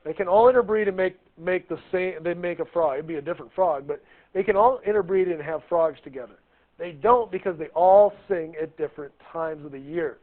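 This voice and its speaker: A man lecturing a classroom, his voice a bit higher than most, chatty and fond of little jokes and questions to the students. The recording is thin and tinny, like a phone line. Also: brisk. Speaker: high school biology teacher.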